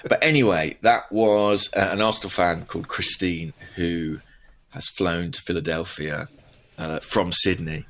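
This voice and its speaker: A man's voice: deep voice, measured pace. A man co-hosting a football podcast, telling stories in a playful, conversational way. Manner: lively storyteller, playful voices. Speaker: podcast co-host. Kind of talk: casual football podcast chat.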